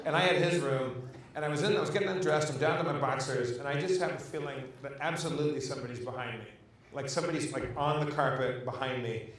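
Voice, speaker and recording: A man telling a profane, animated story on stage at a live podcast taping. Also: fairly high pitch, fast, distant mic, slight background noise. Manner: animated, profane, acts out shouts. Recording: echoey live room from off-mic.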